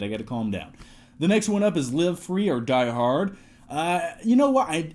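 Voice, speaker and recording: A man in his twenties talking casually to camera, reviewing his movie collection in a jokey, excitable way. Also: on the high side. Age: 20s.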